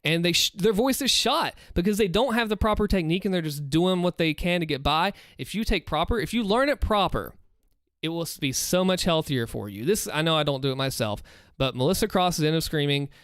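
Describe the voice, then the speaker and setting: A man's voice: fairly high pitch, expressive, a little fast, fairly bright tone, no room sound, studio quality. A man casually chatting on a live stream, answering viewer questions with earnest, rambling advice and frequent restarts, speaking into a desk microphone at home. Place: home room, seated in a chair.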